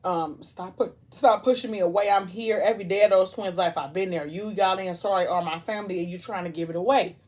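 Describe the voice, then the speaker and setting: A woman voicing a remorseful man who begs his partner softly. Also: medium pitch, brisk, few pauses, lightly acted. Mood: pleading. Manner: soft, pleading.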